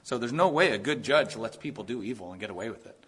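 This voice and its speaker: Man, pastor, sermon, earnest, conversational, husky voice. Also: medium pitch, expressive, a bit bright. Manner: earnest, conversational preaching with quick asides.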